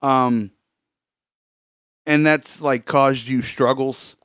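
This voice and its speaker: A man's voice: medium pitch, extremely slow, clear, resonant tone, no echo, studio quality. A man hosting a podcast, chatting casually with his guest and joking at his own expense. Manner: joking, animated, self-deprecating. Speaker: podcast host.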